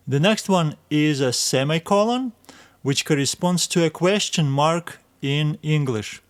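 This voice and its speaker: A man with a somewhat high-pitched voice teaches a recorded language lesson. He explains patiently and methodically, spelling out letters one at a time and repeating words for practice. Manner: patient step-by-step explaining, naming letters aloud.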